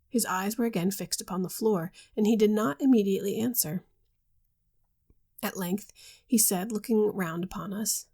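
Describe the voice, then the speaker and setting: A woman reads a classic novel aloud at a steady, measured pace. Her mid-pitched voice has a gravelly, creaky grain. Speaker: reader.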